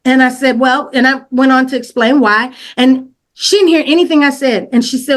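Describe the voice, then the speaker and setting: A fairly high-pitched woman talks casually through a personal work story on a podcast. She slips into slang, stops to restart her sentences, and puts energy into replaying her own side of the conversation. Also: moderate pace, few pauses. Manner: animated retelling, acts out her own quoted lines louder and higher. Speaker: podcast guest.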